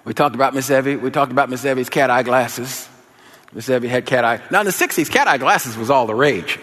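Folksy preacher in an echoing hall. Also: male voice, mid-range voice, fairly quick. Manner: folksy, animated storytelling with laughter. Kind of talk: sermon with personal storytelling. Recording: long hall reverb.

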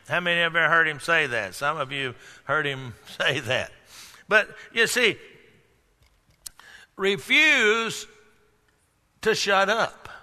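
A male pastor preaching a sermon to a congregation, calling out questions and breaking into sudden shouts. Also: a little high, lively intonation, takes it slowly, pauses often. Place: church hall. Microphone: microphone. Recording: echoey hall.

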